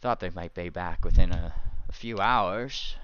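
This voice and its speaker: A man voicing a gentle, dazed old hoofed cleric who speaks slowly and breathily. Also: deep voice, clean tone, highs cut off.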